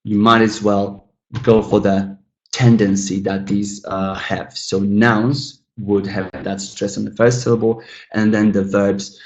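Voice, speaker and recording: A man teaching an English pronunciation lesson, speaking deliberately with frequent fillers and calling his listeners guys. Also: fairly low pitch, level tone, a little mellow, highs cut off. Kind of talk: classroom lesson on word stress.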